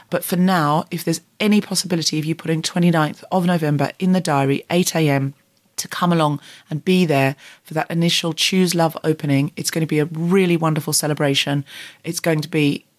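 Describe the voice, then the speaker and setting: A woman podcast host makes an earnest, persuasive appeal to her listeners. Her voice sits somewhat low, and her delivery is direct and warmly urgent. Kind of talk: spoken podcast announcement.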